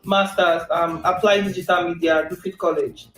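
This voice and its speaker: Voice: medium pitch, steady tone, moderate pace, a bit bright, echoey room, faint music behind, poor audio. A speaker in a casual interview, recounting struggles with a laugh.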